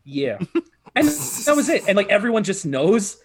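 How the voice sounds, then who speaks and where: A man's voice: high-pitched, big pitch swings, moderate pace, breathy edge. A man co-hosting a casual film review podcast over a video call, rambling and restarting his sentences, swearing now and then. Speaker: podcast co-host.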